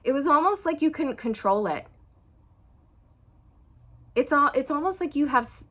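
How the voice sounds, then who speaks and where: A woman doing a channeled tarot reading for viewers, chatty and expressive. She acts out quoted feelings with big swings, then drops soft and low for emotional parts. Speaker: tarot reader.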